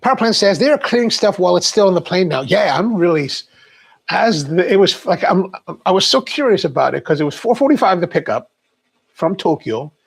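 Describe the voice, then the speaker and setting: Middle-aged male livestream host, slightly high, rough-edged voice; loose, rambling chat. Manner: chatty, rambling storyteller.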